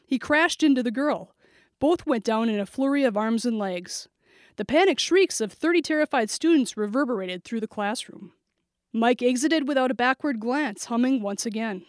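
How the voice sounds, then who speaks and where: Female thriller narrator, steady and vivid, bright-leaning voice, dead-dry booth. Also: fairly high pitch, dry recording. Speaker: audiobook narrator.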